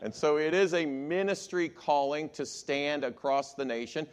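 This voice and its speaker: Preaching like a lawyer, a man with a fairly high voice addresses his congregation at a moderate pace, with a little hiss or hum on the recording. He's animated, often asking listeners to raise hands for "how many believe" questions.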